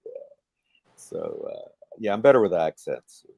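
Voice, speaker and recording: A man's voice: sits low, huge pitch swings, a little slow, creaky, mellow, husky. Easygoing man co-hosting a chat show. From Texas. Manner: easygoing, with many fillers. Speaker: podcast co-host. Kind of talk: casual chat.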